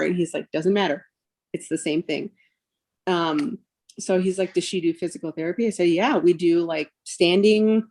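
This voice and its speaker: With a lowish, darkish voice, a woman in her thirties shares a painful story on a podcast, where she appears as a guest and mother. The retelling is emotional, full of quoted dialogue and frequent "like" and "um."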